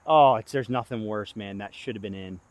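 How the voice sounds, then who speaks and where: A young man filming himself outdoors, giving excitable play-by-play of his own throws as he talks to himself, pleading and groaning. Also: on the low side, fairly quick. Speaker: disc golf vlogger. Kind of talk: self-filmed play-by-play commentary. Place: outdoor disc golf course.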